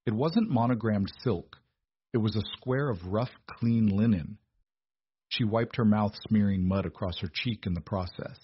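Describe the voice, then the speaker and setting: A man narrating a scripted story in a steady, measured storytelling manner. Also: on the low side, breathy edge, dry recording, lo-fi sound.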